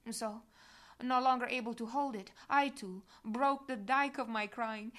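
A woman reading aloud a devotional diary in a solemn, measured manner. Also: fairly high pitch, steady tone, fairly bright tone. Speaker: reader.

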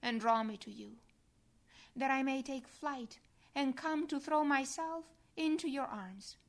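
Slow, soft-spoken woman reading a prayer. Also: sits high. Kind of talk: devotional meditation reading.

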